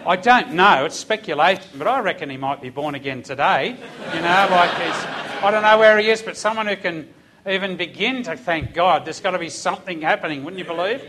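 Lively Australian man telling a testimony. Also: high-pitched. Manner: lively, animated storyteller acting out voices. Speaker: police officer giving testimony. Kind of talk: storytelling testimony in church.

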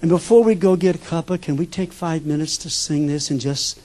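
An older man preaching a sermon as a pastor, telling stories with sudden shifts between loud bursts and hushed asides. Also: fairly high pitch, fairly quick.

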